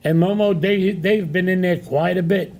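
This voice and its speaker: A man's voice: high-pitched, moderate pace. Older New man telling stories. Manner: lively storyteller, loud impressions of shouting. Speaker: host. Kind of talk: casual chat, storytelling.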